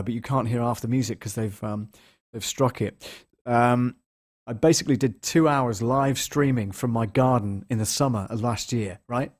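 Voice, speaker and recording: A man's voice: medium pitch, darkish tone. Guy chatting on a live stream in his empty new lounge, rambly, lots of ums. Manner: chatty and rambling, greets viewers by name, many ums. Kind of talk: casual live stream chat. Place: bare apartment lounge. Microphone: large studio microphone, moved around at times.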